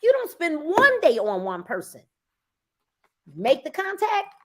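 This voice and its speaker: A woman sales coach in casual motivational talk, emphatic and repeating phrases for effect, sometimes breaking into loud urging. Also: very high voice, wildly swooping pitch, unhurried, noisy background. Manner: bursts into loud urging at times.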